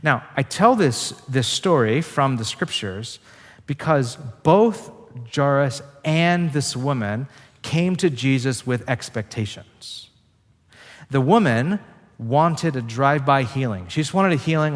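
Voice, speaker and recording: A man's voice: mid-range voice, animated, slow. Casual-talking male preacher in a big hall. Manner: casual, conversational preaching with frequent "like" fillers. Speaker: pastor. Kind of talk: sermon.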